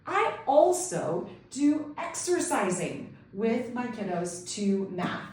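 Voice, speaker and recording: A woman's voice: fairly high pitch, big pitch swings, takes it slowly, a little mellow. A woman homeschool tutor explaining classroom teaching ideas in an upbeat, enthusiastic way for an instructional video. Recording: very echoey room, distant mic.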